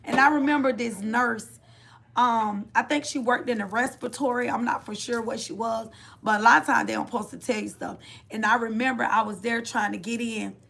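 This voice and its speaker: A woman's voice: a little high, fairly even intonation, a little fast, creaky, fairly bright tone. A middle-aged woman giving a heartfelt personal testimony of faith, repeating and restarting her phrases as she speaks. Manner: heartfelt, repetitive, restarts phrases, Southern Black church cadence of faith talk. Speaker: mother sharing a testimony.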